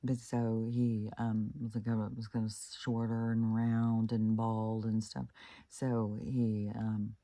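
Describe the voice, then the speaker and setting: A man's voice: lowish voice, completely flat delivery, takes it slowly, warm tone, no room sound. A man from Kansas casually telling a creepy anecdote, rambling with many fillers and restarts. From Kansas, United States. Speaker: channel host. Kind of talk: casual storytelling.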